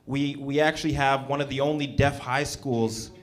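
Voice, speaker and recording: A young man doing a stand-up set at an open mic, with a loose, halting delivery full of ums. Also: medium pitch, steady tone. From Canada. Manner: laid-back, halting delivery with many ums. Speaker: stand-up comedian. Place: small comedy venue with a live audience.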